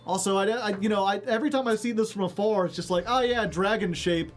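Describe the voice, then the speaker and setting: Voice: mid-range voice, fast talker, faint music behind. A streamer giving casual, rambling commentary on a card game, joking and laughing often.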